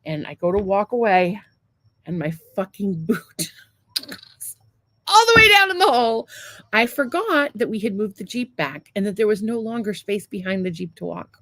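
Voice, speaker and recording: A woman podcast co-host telling a story in casual chat, animated, laughing often and swearing freely. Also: mid-range voice, normal speed, slight background noise.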